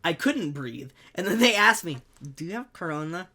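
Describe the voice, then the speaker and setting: A young man spins a comic personal story with animated, jokey delivery. His voice is bright and forceful, and it jumps into sudden loud bursts at the punchlines. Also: high voice, moderate pace.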